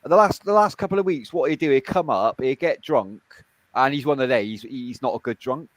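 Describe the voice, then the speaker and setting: A man's voice: medium pitch, animated, a little fast, no echo. Blunt, sweary man chatting. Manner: blunt, swears a lot, repeats himself. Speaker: streamer. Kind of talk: casual chat.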